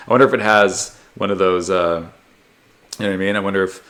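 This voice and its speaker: A man's voice: deep voice, steady tone, fast, a bit bright. A man in his forties hosting a solo comedy podcast, riffing sarcastically and sounding tired. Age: 40s. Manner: sarcastic, riffs with mocking put-on voices.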